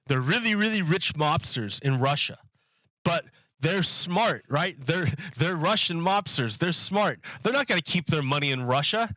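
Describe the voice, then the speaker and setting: A man streaming a video game, chatting casually in a rambling, animated way and restarting his sentences often. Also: on the high side, moderate pace, no echo, dull audio. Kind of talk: casual chat while gaming.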